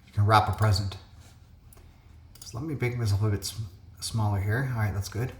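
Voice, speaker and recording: A man's voice: on the low side, fairly even intonation, brisk, slight background noise. Man thinking aloud in an echoey room. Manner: thinks aloud with frequent fillers. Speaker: puzzle video host. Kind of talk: casual solo commentary. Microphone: phone webcam.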